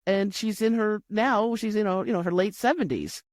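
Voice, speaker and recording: A woman's voice: medium pitch, normal speed, darkish tone, no room sound, clean studio sound. A woman who coaches podcasters, speaking as an interview guest in an upbeat, encouraging way. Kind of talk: interview conversation.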